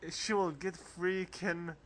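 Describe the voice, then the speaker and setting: Man, let's play commentary, unhurried drawl, slightly high voice, coughs a lot, faint hiss behind. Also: steady tone. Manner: rambling, coughs often, reads game text aloud. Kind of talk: casual game walkthrough commentary.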